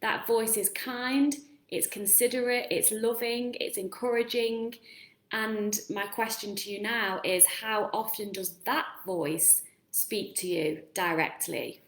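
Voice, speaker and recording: A woman's voice: medium pitch, fairly even intonation, slow, fairly bright tone. A woman coaching viewers in a casual live-stream talk, earnest and encouraging, asking them lots of questions. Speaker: self-help coach. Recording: roomy echo.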